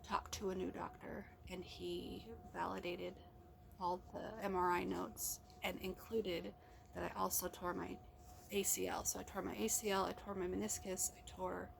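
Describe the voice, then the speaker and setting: Against a noisy background, a middle-aged woman with a creaky, lowish voice rambles through a casual personal vlog. She talks to herself with restarts, recording from a car or at home.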